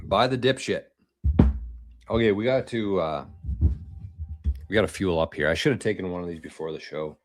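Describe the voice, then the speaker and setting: A man rambles through a casual live stream, loose and profane as he answers viewers. His voice sits on the low side. The sound is dry and close, with no room around it. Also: a little fast, long pauses, no room sound, soft background music. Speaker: podcast host.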